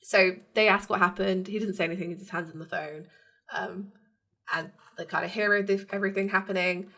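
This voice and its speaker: A woman's voice: mid-range voice, steady tone, fairly quick, bright, forceful tone. Chatty woman co-hosting a podcast. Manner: chatty, laughs often, acts out characters' lines. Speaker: podcast co-host. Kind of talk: casual chat recapping a TV episode.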